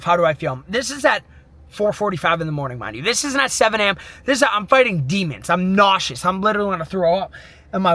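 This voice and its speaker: A man's voice: high-pitched, expressive, fast talker, bright, forceful tone, no room sound. A young man in his twenties, a mindset coach, giving an intense, profane motivational monologue full of self pep talk.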